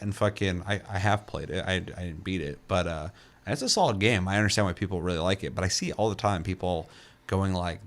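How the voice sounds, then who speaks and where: A young man chatting loosely on a casual podcast, his voice sitting on the low side. He rambles, restarts his sentences and swears in passing. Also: brisk. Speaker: co-host.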